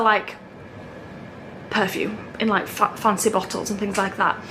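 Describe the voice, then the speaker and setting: With a fairly bright tone and slight background noise, a woman in her thirties chats casually in her home bedroom. She's a family vlogger, gushing and chatty, and she talks to her toddler in a high voice.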